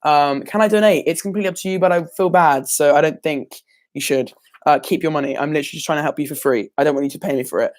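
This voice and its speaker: A man's voice: a little high, fast. A teenage boy revising for an exam on a casual livestream, rambling and hesitant, full of ums and self-corrections. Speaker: student sharing exam revision.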